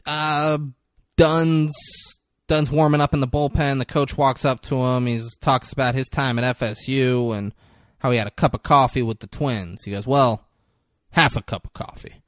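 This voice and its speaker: A man's voice: medium pitch, steady tone, no echo, clean studio sound. A man co-hosting a podcast, casually recapping a film scene by scene and slipping into short impressions of the characters. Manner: recaps scenes, acting out lines in quick impressions. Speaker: podcast co-host. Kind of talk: casual movie recap chat.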